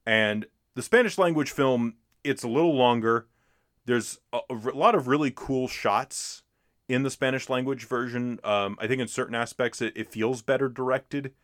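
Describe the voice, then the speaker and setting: A man's voice: medium pitch, moderate pace, no room sound, clean studio sound. A man co-hosting a podcast, chatting casually about old films with many fillers and restarts. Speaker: podcast co-host. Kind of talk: casual film discussion.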